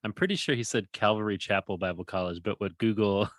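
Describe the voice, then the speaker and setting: Co-host, man, very deep, jokey and animated, dry close mic. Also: fairly quick, no echo. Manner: jokey, animated, laughs often. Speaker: podcast co-host. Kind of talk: casual chat.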